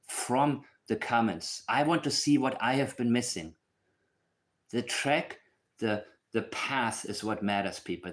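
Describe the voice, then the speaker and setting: A man hosting a livestream, talking in an emphatic, blunt way with asides to his viewers. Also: mid-range voice. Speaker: channel host analyzing a case. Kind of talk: casual livestream commentary.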